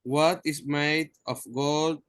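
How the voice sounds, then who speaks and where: A man reads English aloud over a video call, slowly and haltingly, tripping over longer words. His voice is a little high, and the sound is dry and close. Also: fairly even intonation, fairly bright tone, clear, resonant tone, dry recording. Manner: halting, stumbles over words and repeats corrections. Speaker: student. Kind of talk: reading aloud in class.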